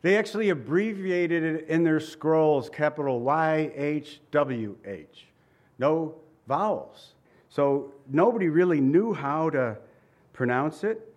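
Preaching a sermon, a man uses emphatic repetition and light asides, chuckling now and then. His slightly mellow voice has lively intonation and a slow pace, and he shifts pitch when quoting lines.

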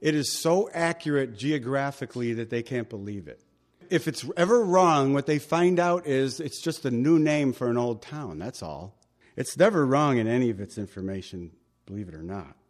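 A man's voice: medium pitch, animated, moderate pace. A male pastor giving a verse-by-verse Bible teaching sermon, conversational and emphatic, with chatty asides to the congregation.

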